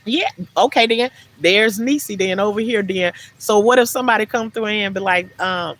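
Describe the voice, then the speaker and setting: A woman's voice: a little high, animated, normal speed, fairly bright tone, a little hiss or hum. A woman hosting a casual livestream outdoors in her yard garden, chatty, laughing often and repeating herself, then turning encouraging toward her viewers. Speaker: livestream host.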